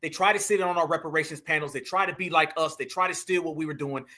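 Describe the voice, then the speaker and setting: High-voiced Southern US man with sharp delivery. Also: fast talker. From Southern United States. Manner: scornful, preachy, addresses viewers as family. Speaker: commentary channel host. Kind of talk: reaction commentary.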